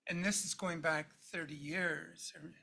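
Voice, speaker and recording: A man in his fifties or older gives a personal tribute in a university hall. His voice is bright and sits a little high for a man. He speaks warmly but haltingly, repeating words as he restarts. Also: steady tone, vocal fry.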